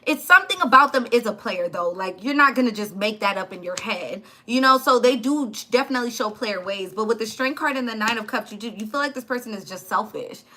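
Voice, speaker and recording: Bright, chatty woman reading tarot. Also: fairly high pitch, animated, a little fast, few pauses. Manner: blunt, chatty, swears and laughs often. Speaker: tarot reader. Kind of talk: casual tarot reading to camera.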